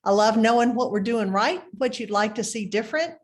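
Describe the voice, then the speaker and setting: Chatty Southern woman hosting, high-pitched. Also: lively intonation, brisk. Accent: Southern US, Mississippi. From Mississippi. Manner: chatty, effusive, uses "y'all". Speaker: program host. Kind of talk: friendly community program introduction.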